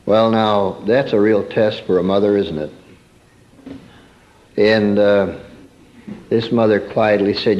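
A man preaching a sermon in a storytelling way, swinging from emphatic peaks to soft, quiet asides. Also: on the low side, steady tone, slow pace, long pauses, highs cut off.

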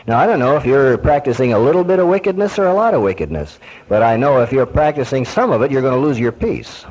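A man's voice: medium pitch, expressive, quick pace, darkish tone, lo-fi sound. A man preaching a sermon, quoting scripture and questioning his listeners.

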